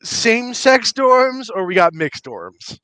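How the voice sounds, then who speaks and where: Lively bright-voiced male game master. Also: very high-pitched, slow, clear, resonant tone, no echo. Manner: playful, chatty, full of fillers like 'like'. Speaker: dungeon master. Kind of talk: narrating a tabletop game.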